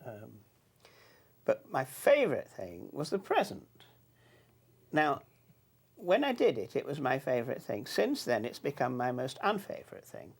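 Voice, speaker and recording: A man's voice: medium pitch, sing-song, unhurried, vocal fry, long pauses, husky. A man, an actor, chatting hesitantly with many fillers while he reminisces about working on a show. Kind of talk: reminiscing conversation.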